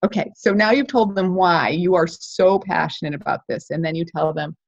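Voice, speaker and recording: A woman with a lowish voice leads a live workshop, counting out steps on her fingers as she teaches. Her delivery is animated and encouraging. The recording sounds dull and lo-fi. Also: normal speed. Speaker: speaking coach.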